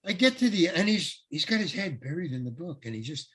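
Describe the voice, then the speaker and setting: Husky older man telling a rambling story. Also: on the high side, brisk. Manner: animated, rambling anecdotes with restarts. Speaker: guest actor. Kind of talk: casual storytelling interview.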